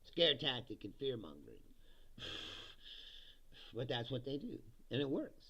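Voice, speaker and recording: A man's voice: mid-range voice, sing-song, a little slow, a bit bright, breathy edge. A man hosting a livestream, giving a casual, profane political rant with sarcastic asides and chuckles at his own jokes.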